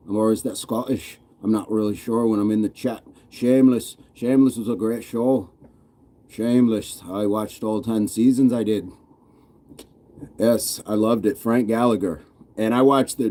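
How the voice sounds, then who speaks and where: Laid-back man with a mellow low voice. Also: steady tone, normal speed. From United States. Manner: reads viewer comments aloud, chuckling, loose and playful. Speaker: fitness channel host reading live chat. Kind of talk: casual live-stream chat.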